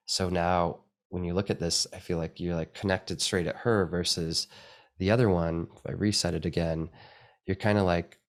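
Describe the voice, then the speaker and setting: Brief: deep male voice, casual and meandering presenter, lots of restarts. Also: steady tone, normal speed. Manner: rambling, restarts often, soft-spoken asides. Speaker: photographer presenting his work. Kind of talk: casual talk with slides. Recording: dry event space with live video call.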